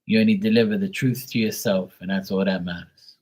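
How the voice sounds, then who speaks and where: A man reads tarot cards live on a phone stream. His voice is low and husky, and he draws out each card's message. He sounds affectionate and encouraging. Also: fairly even intonation, darkish tone. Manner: affectionate, encouraging, reads card text slowly. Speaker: live tarot card reader, stream host. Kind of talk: casual live-stream reading.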